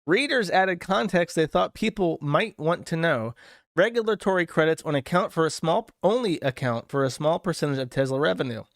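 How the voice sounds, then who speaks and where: A man's voice: on the high side, animated, normal speed, creaky, no room sound, studio quality. A male streamer giving casual, sardonic commentary in a loose, rambling way. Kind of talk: casual commentary reading posts.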